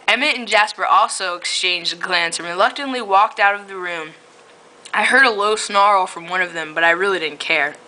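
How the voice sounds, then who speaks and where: A woman's voice: lowish voice, moderate pace, bright, forceful tone, rough recording. A woman casually reading her own fan fiction aloud, often breaking into giggles.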